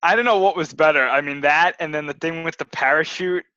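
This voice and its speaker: Brief: high, bright male co-host, laughs a lot, teases, muffled dry line. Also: fairly quick. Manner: laughs often, eager teasing. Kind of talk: casual podcast chat.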